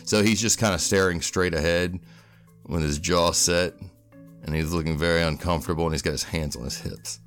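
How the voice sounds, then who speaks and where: A very deep-voiced man describing his character in a tabletop game. He speaks hesitantly, pausing and restarting often, with faint music behind him. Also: fairly even intonation, fairly bright tone. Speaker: player.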